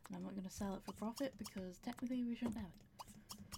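Female gamer narrating her play, chatty and laughing, gravelly fry and audible breaths over faint hiss. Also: mid-range voice, fast talker. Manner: chatty, talks to her game characters, laughs often. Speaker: gameplay commentator. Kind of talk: casual gameplay commentary.

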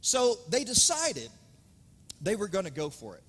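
Animated male preacher in echoing hall. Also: high voice, measured pace, husky. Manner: dramatic, swinging between loud emphasis and hushed asides. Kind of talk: sermon. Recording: reverberant hall, speaker off-mic at times.

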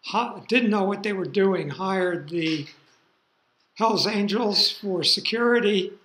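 An older man lectures at a slow, unhurried pace, drifting into relaxed asides. His voice sits fairly high for a man. The sound is roomy, as if recorded in a lecture hall. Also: a little hiss or hum. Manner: rambling, relaxed asides with fillers. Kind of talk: university lecture.

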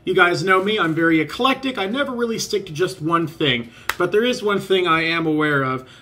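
A man's voice: sits high, expressive, brisk, pushed and bright. A man hosting his own reaction channel, introducing clips in a chatty, upbeat way. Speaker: reaction video host. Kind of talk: casual reaction vlog.

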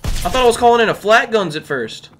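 High-voiced gamer dude, slightly sick, jumps all over the place hyping kills and talking trash, music low behind. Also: male voice. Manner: excitable, trash-talking, quick laughs. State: a little sick. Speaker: gaming YouTuber. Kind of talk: live gameplay commentary. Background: faint background music.

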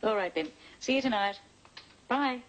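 Actress playing a brisk, teasing mum. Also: female voice, on the high side, lively intonation, background noise, natural voice. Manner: brisk, chiding. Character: cheerful, teasing middle-aged mother. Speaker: mother and wife. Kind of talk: 1980s TV soap acting.

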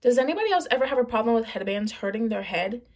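A woman's voice: a little high, lively intonation, fast, darkish tone. A woman in her twenties talking casually at home to her camera, bubbly and chatty, with lots of "like" and "literally". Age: 20s. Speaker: vlogger. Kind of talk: casual chat.

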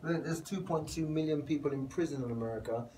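A man's voice: fairly high pitch, fast, mellow, distant mic, a little hiss or hum, rough recording. A man with a London accent, a guest actor talking earnestly in a casual interview and laughing easily. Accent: London English. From England.

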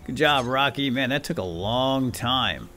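Guy narrating his game, super animated, goes from mumbling to yelling, bit of game music behind. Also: mid-range voice, a little slow. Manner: jumps from quiet muttering to loud excited shouts. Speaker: gameplay video host. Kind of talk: excited let's-play commentary.

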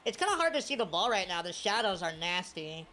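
A woman commentating her own video game play, excitable and cheering on or scolding her players. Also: lowish voice, a little fast. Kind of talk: casual gameplay commentary.

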